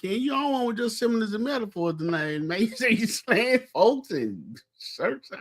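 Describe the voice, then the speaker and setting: A man co-hosts a loose sports talk show. His voice is high, bright and full of swings in pitch, and he teases his partner in a playful way. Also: big pitch swings, normal speed. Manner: playful teasing banter. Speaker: co-host. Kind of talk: casual sports chat.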